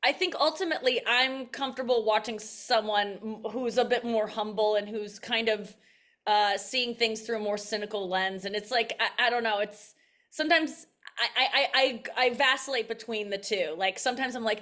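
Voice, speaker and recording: A woman comedian in her thirties speaks in a casual interview. Her voice sits on the higher side. She is candid and self-reflective, and she often restarts her thoughts mid-sentence. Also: moderate pace, fairly bright tone. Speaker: comedian guest.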